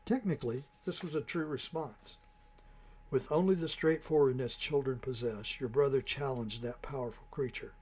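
Brief: male storyteller, mid-pitched, measured and dramatic storybook reading. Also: a little mellow, slightly rough. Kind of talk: scripted storybook narration.

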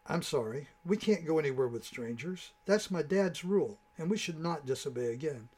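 A man's voice: on the high side, big pitch swings, normal speed, warm tone, breathy edge, voice pushed up. A man doing a stubborn young boy. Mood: firm. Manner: firm and challenging.

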